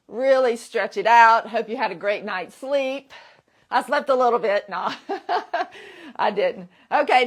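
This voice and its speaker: Lady in her sixties running a workout class live, peppy, cheers people along, voice on the higher side. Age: 60s. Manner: upbeat and encouraging, with cheering whoops. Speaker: fitness instructor.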